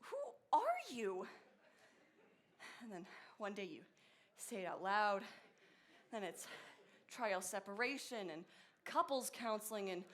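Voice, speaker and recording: A woman playing a lonely middle-aged man who narrates a stage musical, rambling and confiding to the audience with halting restarts. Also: mid-range voice, sing-song, a bit bright. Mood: wistful. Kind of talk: stage acting, chatty monologue to the audience.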